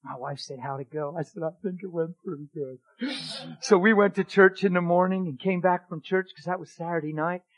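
A middle-aged man preaching, telling a testimony in a dramatic way that swings from loud exclaiming to a hushed near-whisper. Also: sits high, fairly quick, lo-fi sound. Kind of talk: sermon testimony storytelling.

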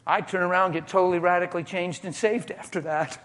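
Man preaching, high bright voice, impassioned, echoey hall. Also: steady tone, brisk, slight background noise. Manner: impassioned, rising to shouts. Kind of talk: sermon.

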